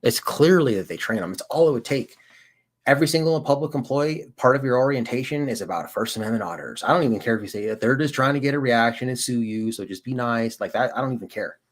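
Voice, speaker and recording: A man's voice: medium pitch, expressive, quick pace. A man hosting a livestream, chatting casually with viewers in a rambling, slangy way, full of "dude" and "like". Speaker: livestream host and auditor. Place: lives in Colorado.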